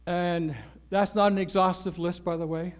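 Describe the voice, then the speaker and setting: High-voiced man preaching. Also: level tone, moderate pace, smooth. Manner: conversational teaching, checks in with "right?" and "okay?"; repeats key words for emphasis. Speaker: pastor. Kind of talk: sermon.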